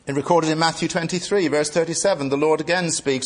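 Earnest preacher man, somewhat high voice. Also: steady tone, fast, few pauses. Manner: earnest, many rhetorical questions. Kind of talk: sermon.

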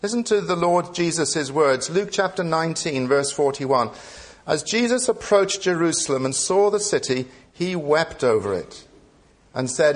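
A man's voice: a little high, lively intonation, moderate pace. A man preaching a sermon in an earnest way, asking the listeners many rhetorical questions.

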